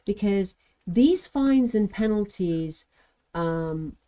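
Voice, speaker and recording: A woman's voice: mid-range voice, expressive, slow pace, dark tone. A woman guest in a casual talk, earnest and prone to digressions while giving warnings. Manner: earnest, digresses, warns listeners seriously. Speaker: guest, medical compliance worker. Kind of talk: casual chat.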